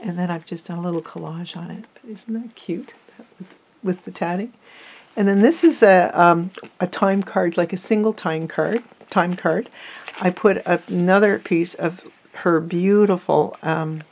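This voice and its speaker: A woman hosting a craft video, talking softly and fondly through a flip-through while losing her voice. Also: on the low side, measured pace, creaky, a little hiss or hum. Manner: soft-spoken, fond, often drops to a near whisper. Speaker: crafting channel host. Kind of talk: casual journal flip-through.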